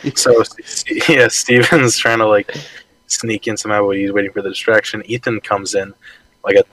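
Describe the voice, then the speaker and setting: A man's voice: fairly low pitch, steady tone, brisk, fairly bright tone, no echo. Young man rambling, off-mic. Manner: swearing, rambling storytelling. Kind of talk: casual chat. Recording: off-mic, distant.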